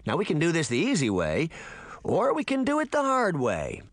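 A man's voice: fairly high pitch, huge pitch swings, normal speed, no echo, voice pushed up. A man voicing a brash boy trickster who mocks and taunts. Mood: threatening. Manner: mocking, swaggering.

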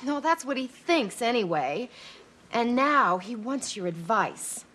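A woman's voice: a little high, sing-song, a little slow, a bit bright, full character voice. An actress playing a worried young married woman in a sitcom, earnest and pleading. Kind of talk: sitcom acting.

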